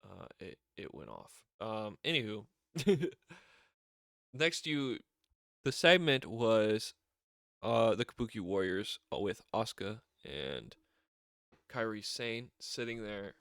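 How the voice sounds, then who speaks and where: Excitable man rambling through a recap. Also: fairly low pitch, takes it slowly, gravelly, pauses often, no room sound, clean studio sound. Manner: excitable, rambling, laughs often, many fillers and restarts. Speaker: wrestling show reviewer. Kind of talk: casual solo recap.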